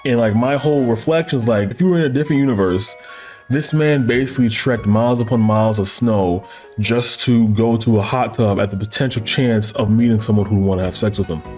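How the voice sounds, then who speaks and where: Dude reviewing an anime, crude slangy jokes, laughs a lot, faint music behind. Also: male voice, lowish voice, fairly quick, darkish tone. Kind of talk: casual review commentary.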